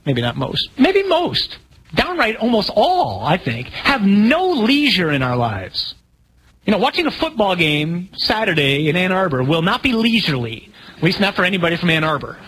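A priest giving a conversational sermon in a somewhat high-pitched male voice. He asks the congregation questions and jokes about himself, with faint ambient noise behind him. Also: fairly bright tone, rough recording. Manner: conversational, asks the audience questions, self-deprecating humor.

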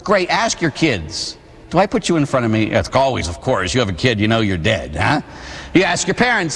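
A man in his forties from Pittsburgh, a priest preaching a sermon with animated storytelling and acted-out voices. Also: medium pitch, moderate pace, slightly rough, big-room sound. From Pittsburgh, USA. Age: 40s. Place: church.

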